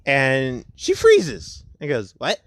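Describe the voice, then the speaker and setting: A man's voice: mid-range voice, expressive, no echo. Young man casually retelling a fan story. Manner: rambling, laid-back, with stretches of slow dramatic retelling. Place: at home.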